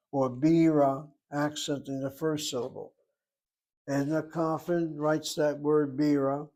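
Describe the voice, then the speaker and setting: A man's voice: fairly high pitch, darkish tone. An older man teaching a Hebrew class, explaining words and asking and answering his own questions. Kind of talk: classroom lecture.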